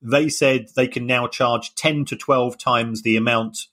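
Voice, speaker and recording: A man's voice: mid-range voice, steady tone, measured pace, a bit bright. A man co-hosting a podcast, explaining finance in a hesitant way, often repeating his words. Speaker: podcast co-host, finance analyst.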